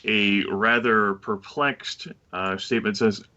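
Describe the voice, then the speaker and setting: Deep-voiced guy playing his character in a tabletop game, slow and halting, muffled online audio. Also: fairly even intonation, sharp tone. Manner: slow, halting, full of fillers. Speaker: player.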